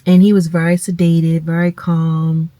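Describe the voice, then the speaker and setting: A woman, tearfully telling viewers a personal story, halting and calling them y'all. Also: on the low side, little pitch movement, mellow, dry recording. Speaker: vlogger. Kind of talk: emotional personal storytelling to camera.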